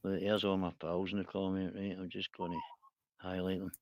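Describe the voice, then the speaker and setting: A man's voice: low voice, level tone, fairly quick, no echo, dull audio. A man, hosting a casual livestream chat, rambling, laughing and swearing a lot. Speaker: livestream host.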